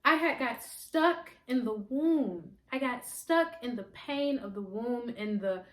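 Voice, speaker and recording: A woman with a slightly high, fairly bright voice speaks slowly with lively intonation. An American holistic healer, she relates a personal spiritual story earnestly and emotionally, with lots of repetition, in an echoey space.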